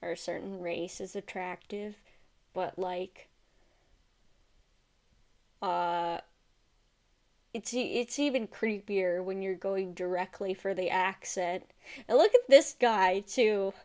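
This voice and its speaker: A woman streamer talks through a clip in an unhurried, measured way, her pitch sitting in a middle range. She sounds exasperated and keeps stumbling and restarting her sentences as she comments. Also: steady tone, darkish tone. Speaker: streamer reacting to videos. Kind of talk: casual commentary.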